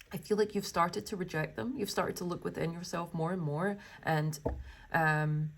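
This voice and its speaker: A woman with a somewhat low voice gives a tarot reading. She reads card meanings aloud and then chats to her viewers, full of exclamations and delighted asides. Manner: gushing and exclamatory, full of wows and oh my goshes.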